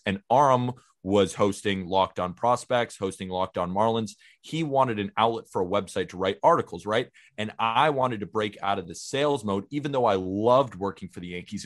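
A man in his twenties co-hosting a podcast, talking in an eager, heartfelt way. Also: fairly low pitch. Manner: enthusiastic, heartfelt. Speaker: podcast co-host. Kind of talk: casual chat.

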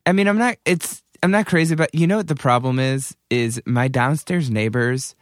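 A man's voice: medium pitch, moderate pace, no echo, studio quality. A man co-hosting a podcast, talking casually and rambling with frequent restarts. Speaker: podcast co-host. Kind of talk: casual chat.

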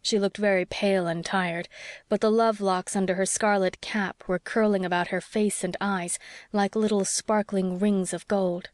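A woman narrating a classic novel with measured, expressive storytelling. Her voice is close to the mic and completely dry, with no room sound. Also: mid-range voice, no room sound. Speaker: audiobook narrator. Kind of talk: scripted narration.

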